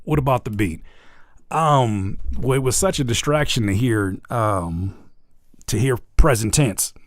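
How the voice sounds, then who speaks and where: A man's voice: mid-range voice, expressive, measured pace, no room sound, studio quality. A man hosting a live music feedback stream, mocking submissions and critiquing beats with profane, playful jokes and wordplay. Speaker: music reviewer and livestream host.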